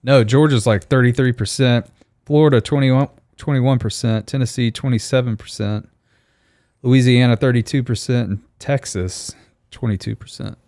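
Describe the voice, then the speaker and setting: A man co-hosting a podcast, speaking in an easygoing way and joking often. He has a mid-range male pitch. The recording is dry and close. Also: normal speed, darkish tone, no echo. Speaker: podcast co-host. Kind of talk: casual chat.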